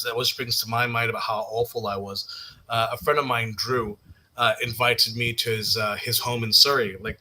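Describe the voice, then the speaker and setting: Bright-voiced man telling stories haltingly. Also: medium pitch, a little hiss or hum, low-quality recording. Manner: halting, full of restarts and self-mocking asides. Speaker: podcast guest. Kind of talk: casual chat.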